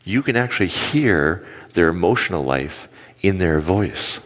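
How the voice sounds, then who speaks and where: With a voice that sits low and a slightly slow pace, this pastor in his forties preaches on stage. Stories and animated, acted-out quotes fill his sermon, heard through a long hall reverb.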